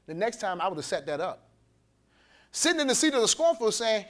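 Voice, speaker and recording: A man with a high-pitched voice preaching a sermon at a men's conference. He talks in a loose, colloquial way and acts out the people he quotes. He laughs between his points. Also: sing-song, fairly quick, pauses often. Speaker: pastor.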